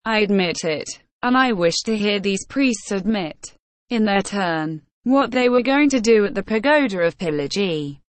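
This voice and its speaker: A woman voicing a calm, composed male English gentleman in an audiobook reading. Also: mid-range voice, moderate pace, no echo, close to an everyday voice.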